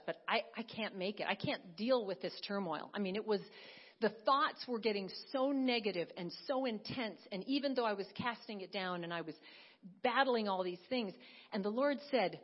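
A woman giving an earnest sermon testimony, swinging from hushed to emphatic. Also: mid-range voice, husky, dull audio. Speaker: preacher.

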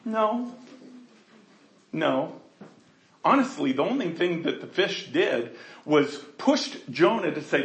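A man preaching a sermon in an animated, conversational way, often laughing and acting out voices. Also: a little high, slow, pauses often, reverberant. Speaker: pastor.

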